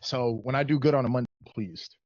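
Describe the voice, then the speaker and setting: A man's voice: medium pitch, steady tone, fast, darkish tone, no echo. A man in a casual trading livestream, walking through his chart loosely and swearing now and then. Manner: loose, swears freely, thinks aloud. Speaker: day trader sharing his chart. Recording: dull lo-fi dry call audio.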